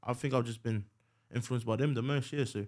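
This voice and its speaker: A man's voice: medium pitch, steady tone, a little fast, a little mellow. A young man from New Zealand, a guest rapper chatting casually on a podcast in a laid-back way. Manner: laid-back, lots of "yes, sir" and "you know what I mean".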